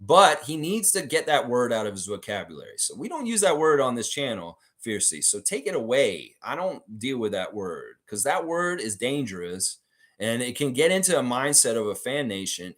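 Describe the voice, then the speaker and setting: A man's voice: lowish voice, a bit bright. A man hosting a live-stream sports chat. He reads viewer comments aloud and gives blunt, opinionated replies into a desk microphone. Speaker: host of a fan channel live stream.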